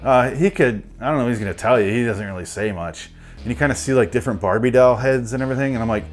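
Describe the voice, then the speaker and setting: A man's voice: mid-range voice, fast, soft background music. A man giving a crude, exasperated comedic rant about a movie, mocking it as he goes. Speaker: movie reviewer.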